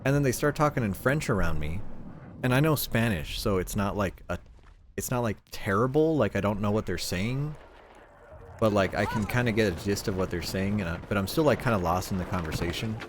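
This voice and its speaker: A young man from the United States chats loosely as he plays, his voice sitting a bit low. He rambles and curses, full of fillers. Game gunfire and explosions come through clearly behind him. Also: lively intonation, fairly quick, a little hiss or hum. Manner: rambling, profane, lots of fillers. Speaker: streamer. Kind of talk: casual gaming stream chat. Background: gunfire and game sounds.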